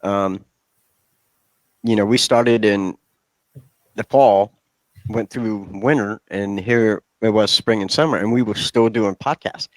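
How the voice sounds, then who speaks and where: A man's voice: lowish voice, fairly even intonation, slow pace, long pauses, no room sound, low-quality recording. A man talking as a podcast guest in a laid-back, joking way. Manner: laid-back, joking, says dude a lot. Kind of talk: casual chat.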